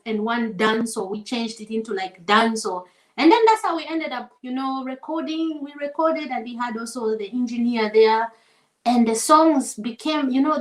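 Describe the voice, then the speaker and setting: A high-pitched woman spins an animated story in easygoing conversation, laughing often and slipping into voices for the people she describes. The sound is roomy, with a clear echo off the walls. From Zambia. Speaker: guest singer. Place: home setting over a shared meal.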